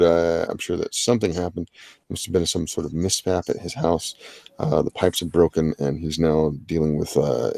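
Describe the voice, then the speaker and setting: A low, gravelly male voice, recorded with no echo, belongs to the host of a live drawing-challenge stream. His casual commentary rambles, leaning on filler and jokey asides.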